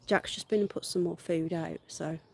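A woman's voice: lowish voice, fairly even intonation, normal speed, darkish tone, slightly rough. A woman hosting a casual garden livestream, chatting to viewers and cooing baby talk at her dog with frequent laughter, recorded outdoors. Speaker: livestream host. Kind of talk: casual live-stream chat with pets and viewers.

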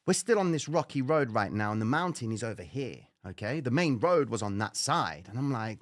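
A man hosting a live stream, telling a dramatic personal story with lively slang. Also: mid-range voice, fairly quick, hardly any pauses, no echo, clean studio sound. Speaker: trading show host.

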